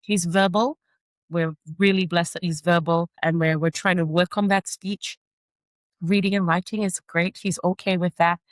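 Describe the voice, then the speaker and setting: A mother speaking earnestly as a podcast guest, reflective and frank, at times echoing questions in a higher voice. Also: steady tone, moderate pace. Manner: earnest, reflective, often acts out her son's repeated questions in a higher voice. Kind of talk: candid interview conversation.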